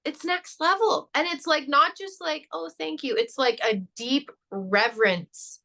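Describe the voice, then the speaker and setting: A woman's voice: sits high, very animated, a little slow, sharp tone. A woman co-hosting a podcast in casual chat, affirming her partner and sharing her own take. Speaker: podcast co-host.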